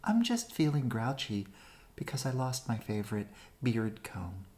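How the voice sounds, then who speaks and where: A woman voicing a grouchy bearded forest animal in a storybook, low and grumpy. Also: expressive, unhurried, dark tone.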